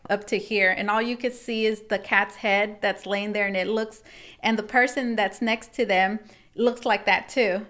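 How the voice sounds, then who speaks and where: A woman's voice: mid-range voice, a bit bright. A woman tarot reader talking casually to viewers, rambling and repeating herself as she reads the cards. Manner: rambling and repetitive, addressing viewers as guys. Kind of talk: casual tarot reading to camera.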